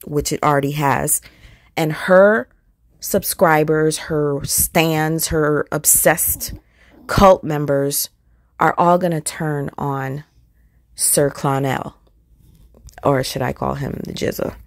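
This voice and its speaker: A woman's voice: sits low, steady tone, slow pace, no room sound, studio quality. A woman hosting a commentary video, talking bluntly and scornfully and asking her viewers rhetorical questions. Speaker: commentary channel host. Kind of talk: opinionated commentary.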